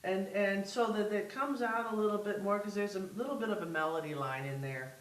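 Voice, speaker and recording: A woman's voice: medium pitch, fairly quick, far from the mic. Patient woman music teacher, roomy sound. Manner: patient, gives step-by-step instructions. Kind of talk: masterclass coaching.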